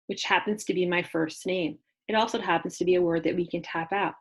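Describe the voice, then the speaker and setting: Young female kindergarten teacher, video phonics lesson, slow, exaggerated letter sounds. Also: fairly low pitch, fairly even intonation, husky.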